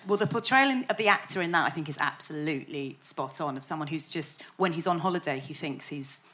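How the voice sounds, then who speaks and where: A woman comedian chatting before a live audience, animated and self-deprecating, laughing often. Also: sits low, fast.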